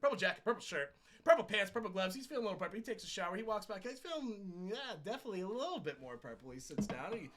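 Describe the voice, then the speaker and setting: A man on a stream telling a long, rambling joke in an animated, playful way, correcting himself as he goes. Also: sits high, background noise. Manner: animated, repetitive, playful, with quick self-corrections. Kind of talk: rambling shaggy-dog joke storytelling.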